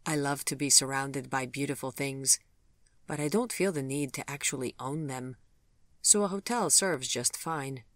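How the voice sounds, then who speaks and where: Reader doing a courtly, tender gentleman. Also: medium pitch, moderate pace, no room sound, lightly acted. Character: gentle, refined older gentleman who loves elegance.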